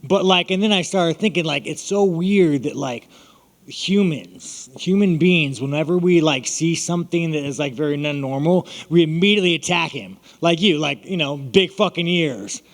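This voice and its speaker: An American man, a fighter at a media scrum, fields press questions in a loose, rambling, joking manner and swears nonstop. His voice sits on the high side at a moderate pace, with a long reverb tail trailing each line.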